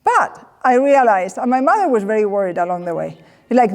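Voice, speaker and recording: A woman giving a comedic personal storytelling talk, animated and acting out the voices of the people she quotes. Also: medium pitch, a little fast, in a large hall. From Spain. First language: Spanish. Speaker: presenter.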